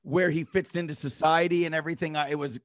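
A man's voice: fairly high pitch, fairly even intonation, fast, no room sound, studio quality. A middle-aged man hosting a casual hockey podcast, talking with eager enthusiasm and frequent chuckles. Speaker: podcast host.

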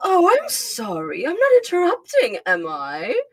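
Haughty male robot commander, put on by a woman; faux British, high, mock-polite. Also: huge pitch swings, a little slow, breathy edge, no room sound, clean studio sound, heavily acted.

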